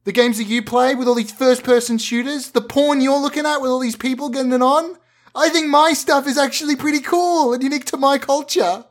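A man's voice: very high voice, steady tone, a little fast, voice pushed up. A man doing a whiny sulky teenage boy. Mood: indignant. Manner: whiny, indignant.

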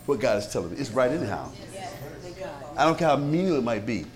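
A pastor preaching to his congregation in a lively, conversational way, with many rhetorical questions and frequent chuckles. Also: mid-range voice, fairly quick, soft background music. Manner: chuckles often. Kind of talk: sermon.

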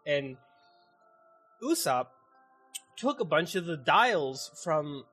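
Excitable, foul-mouthed podcast man. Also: on the high side, slow pace, husky, faint music behind. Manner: animated, heavily profane, excitable. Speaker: podcast host. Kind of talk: casual chat recapping an anime.

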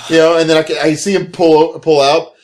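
High-voiced man telling a profane story. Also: little pitch movement, brisk. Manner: profane, laughing, acts out shouted quotes. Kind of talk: casual storytelling chat.

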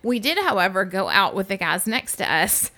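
A woman's voice: mid-range voice, moderate pace. A woman co-hosting a podcast in a casual chat, telling stories and acting out the people in them. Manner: animated, acts out the voices in her stories, laughs a lot. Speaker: podcast co-host.

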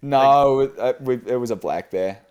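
A man's voice: mid-range voice, normal speed, a little mellow, smooth, lo-fi sound. A man, a guest on the show, telling a casual story with fillers and frequent laughs. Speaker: podcast guest.

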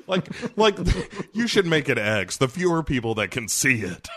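A man co-hosting a casual movie-review podcast, animated and profane, laughing often. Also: medium pitch, normal speed. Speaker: podcast co-host.

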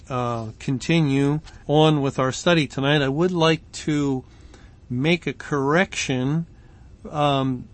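A man teaching a Bible study, reading scripture and explaining it slowly with frequent pauses and fillers. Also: on the high side. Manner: slow and deliberate, with frequent ums and pauses.

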